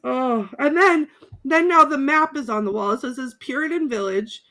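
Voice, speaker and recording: High-voiced woman podcast co-host, giggly and breathless recapper. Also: moderate pace, bright, forceful tone. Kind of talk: casual chat.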